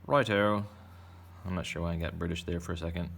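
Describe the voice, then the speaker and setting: With a low, gravelly, husky voice, a man talks in a rapid-fire monotone as he teaches kids to draw. He's playful and chatty, narrating each step of the casual tutorial like an art teacher.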